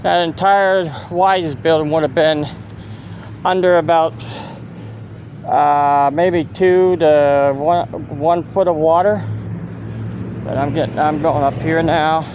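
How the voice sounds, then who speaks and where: A man with a Central Pennsylvania accent narrates a walk through town, speaking slowly in a slightly high voice. He rambles, restarts his sentences and points things out as he goes. The phone recording is outdoors, with faint street and traffic noise behind him. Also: steady tone, a little mellow. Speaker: local walking-tour vlogger. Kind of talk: casual walking narration.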